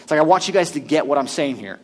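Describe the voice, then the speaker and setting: A male pastor preaching a sermon in a conversational, animated way, reading scripture aloud to his congregation. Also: on the high side, fast talker.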